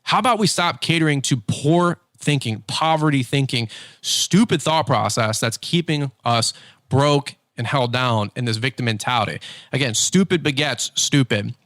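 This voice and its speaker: A man's voice: mid-range voice, moderate pace, fairly bright tone, no echo, clean studio sound. A man hosting a business podcast, talking candidly and emphatically in repeated punchy phrases. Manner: emphatic, repetitive, confessional. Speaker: podcast host.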